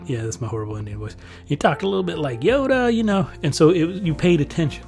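A man's voice: medium pitch, a little mellow. Rambling, chuckling man in casual monologue. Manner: rambling and conversational, with frequent chuckles.

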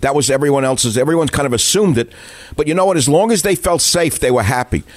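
A man's voice: fairly high pitch, fast, dry recording. An older man hosting a talk radio show, delivering opinionated monologues full of rhetorical questions and taking callers. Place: radio studio. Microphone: studio microphone.

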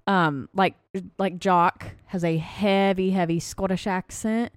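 A woman's voice: lowish voice, steady tone, slow, no room sound. A woman, co-hosting a podcast in casual chat, gushing and emphatic. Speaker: podcast co-host. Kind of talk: casual chat about a film.

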